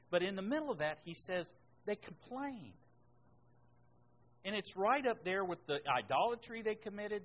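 A man preaching a sermon and reading scripture aloud, rising sharply in pitch and volume on the words he stresses. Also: a bit bright, rough recording. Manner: emphatic, rises in pitch and volume on key words.

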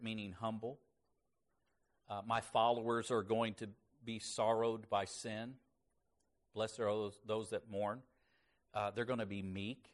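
A male pastor delivering a sermon at an ordinary mid pitch. He swells louder to drive a point home, then sinks to a low, quiet finish on the last words of a phrase. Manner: preaching with rising and falling emphasis, quiet drops at phrase ends.

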